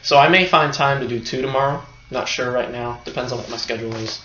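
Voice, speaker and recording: A man's voice: medium pitch, quick pace, pushed and bright. A man giving an unscripted film review, rambling, with many fillers and restarts. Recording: echoey room, dull lo-fi sound.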